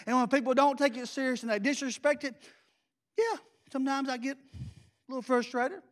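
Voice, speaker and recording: A man preaching as pastor in a church, intense, blunt and folksy, with grandma sayings and quick asides. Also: very high voice. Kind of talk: sermon.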